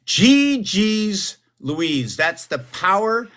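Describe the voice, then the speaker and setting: A man hosting a relaxed livestream from home in a mid-pitched voice. He wanders from thought to thought, musing aloud about words and numbers as they occur to him. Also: measured pace. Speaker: livestream host. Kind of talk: casual livestream chat.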